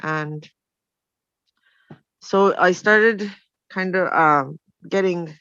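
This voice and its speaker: A woman's voice: on the low side, very slow, fairly bright tone, clean tone, no echo. A middle-aged woman, frankly telling her life story in rambling speech full of "you know" fillers. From Canada. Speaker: storyteller guest. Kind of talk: personal storytelling. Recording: dull, dry lo-fi recording.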